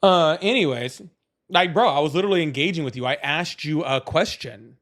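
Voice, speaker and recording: A man's voice: on the high side, animated, brisk, fairly bright tone. A man hosting a live political chat stream, talking in a sarcastic, mocking, rambling way. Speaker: livestream host.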